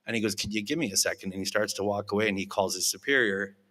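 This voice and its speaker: A man's voice: lowish voice, quick pace, bright, forceful tone. A man in his forties giving a candid, self-mocking recovery testimony to a live audience, acting out the people he quotes. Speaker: recovery alumni speaker. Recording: reverberant hall.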